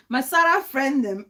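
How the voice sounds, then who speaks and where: Animated woman hosting a live show. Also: fairly high pitch. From Cameroon. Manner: animated, laughs often, frequent restarts. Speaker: talk show host. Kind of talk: live-stream talk show, reading viewer comments.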